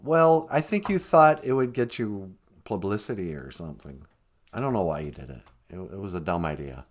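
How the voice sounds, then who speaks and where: Jokey, animated man hosting a podcast. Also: low-pitched, normal speed. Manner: jokey, teasing, calls people sweetie. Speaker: podcast host. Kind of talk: casual chat.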